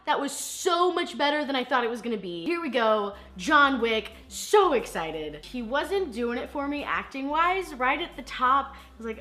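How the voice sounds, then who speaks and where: A woman hosting a casual movie recap vlog, talking in an animated, gushing way with laughter and some cursing. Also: high voice, moderate pace, few pauses. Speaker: vlog host reviewing movies.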